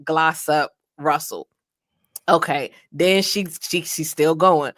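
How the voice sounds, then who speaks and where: An angry young woman dancer, voiced by a woman, calls out a former friend in a put-on Southern street accent. Her voice sits a little low and the sound is dry and close. She reads the lines out loud. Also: slow, dry recording. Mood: accusing.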